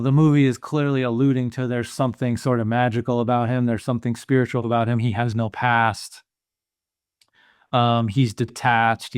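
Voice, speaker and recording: Male podcast co-host, mid-pitched, musing and casual, dry close sound. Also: darkish tone, clean tone, no room sound. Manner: thoughtful, musing, many "you know" fillers. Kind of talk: casual film discussion.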